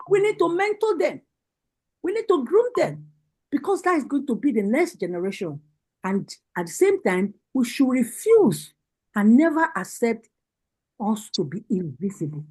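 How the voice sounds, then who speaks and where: A woman's voice: high-pitched, sing-song, measured pace, a little mellow, poor audio. A Nigerian woman giving a rallying political speech over a video call, with repeated, impassioned calls to action. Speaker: party women's leader giving a speech.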